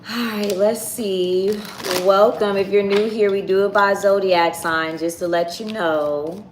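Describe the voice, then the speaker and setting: A woman's voice: medium pitch, steady tone, a little slow. A woman reading tarot on a live stream, chatting casually and bluntly with her viewers. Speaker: tarot reader. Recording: echoey room with faint ambient noise.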